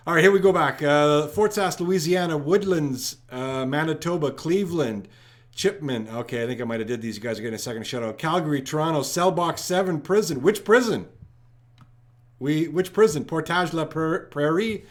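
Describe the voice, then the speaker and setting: A man hosting a live trivia stream, rattling off viewers' locations and shout-outs in an upbeat way. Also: a little high, moderate pace. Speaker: trivia livestream host.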